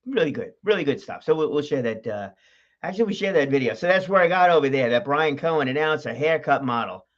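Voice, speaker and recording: A man's voice: on the high side, expressive, fast. Casting chatty New guy hosting a home livestream, loose and rambling, muffled lo-fi sound. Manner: chatty, laughs often, many fillers and restarts. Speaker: host of a livestream show. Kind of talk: casual rambling livestream chat. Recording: dull lo-fi stream audio.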